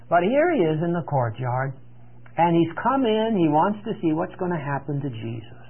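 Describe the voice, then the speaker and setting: A man with a fairly high voice leads a Bible study, retelling the story in a loose, conversational way full of pauses and filler words. The sound is thin and tinny, like an old radio broadcast. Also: sing-song, vocal fry, husky. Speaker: Bible teacher.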